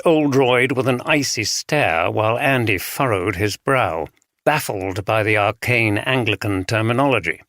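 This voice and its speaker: A man reading a mystery audiobook in a measured, scripted narration. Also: on the low side, expressive, fairly bright tone, no room sound, studio quality.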